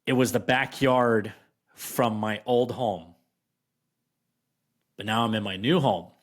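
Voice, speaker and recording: A man guest on a podcast, telling a personal story in a casual, rambling way, with restarts and slow emphatic stresses. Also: lowish voice.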